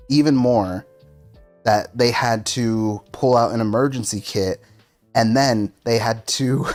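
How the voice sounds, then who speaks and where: A man streaming a game, telling a story casually and laughing often through it in a loose, self-mocking way. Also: mid-range voice.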